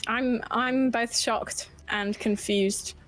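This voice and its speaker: A woman's voice: a little high, steady tone, slow pace, a bit bright, soft background music. A woman player chatting casually, rambling with lots of filler words. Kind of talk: casual chat.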